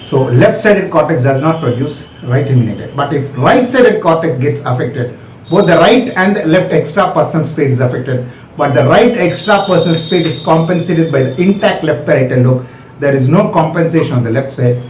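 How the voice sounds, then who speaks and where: A man's voice: fairly high pitch, animated, normal speed, darkish tone, reverberant, a little hiss or hum, low-quality recording. A man with an Indian English accent giving a step-by-step medical lecture, asking and answering his own questions.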